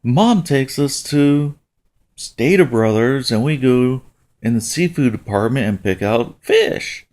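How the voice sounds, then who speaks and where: Man, middle-aged, casual storytelling, unhurried pace, easygoing, voice jumps higher on quoted lines. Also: animated, darkish tone. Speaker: father telling a family story.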